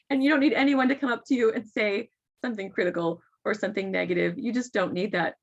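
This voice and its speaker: A middle-aged mother talking earnestly as a podcast guest, often laughing. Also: mid-range voice. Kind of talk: casual interview talk. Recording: dull lo-fi sound.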